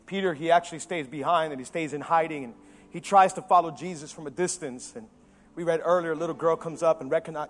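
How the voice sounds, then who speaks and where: Animated high-voiced male pastor preaching. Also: fast talker. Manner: animated, swings from loud emphasis to quiet intensity; acts out quotes of biblical figures with his own voice. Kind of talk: sermon.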